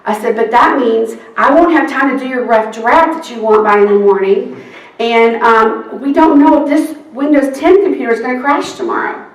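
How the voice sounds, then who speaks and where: A woman tells a work story to a seminar crowd, her voice set a little high and slipping into the other people's lines as she goes. She sounds a way off from the mic, and the room adds a roomy echo. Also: normal speed, recorded from a distance. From Texas. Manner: animated storyteller acting out quoted exchanges. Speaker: court reporter. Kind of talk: anecdote told to an audience.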